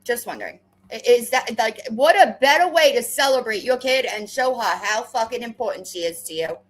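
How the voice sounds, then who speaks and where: A woman's voice: on the high side, lively intonation, brisk, rough recording. A woman commentator reacting to a livestream clip, confrontational and sarcastic, often restarting her words.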